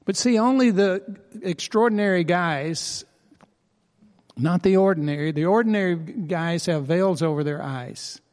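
A man's voice: high-pitched, a little slow, darkish tone, long reverb tail. A man preaching a sermon as pastor, earnest and emphatic, repeating key phrases for weight.

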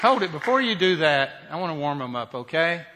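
A man preaching a humorous, animated storytelling sermon to a congregation. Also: a little high, brisk, long reverb tail, crowd noise. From Southern United States. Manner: humorous, animated, leads shouted cheers.

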